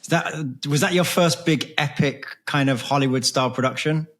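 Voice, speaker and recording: A man hosting an interview, asking curious questions in a relaxed, conversational way. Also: fairly high pitch, moderate pace. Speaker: podcast host. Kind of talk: casual interview.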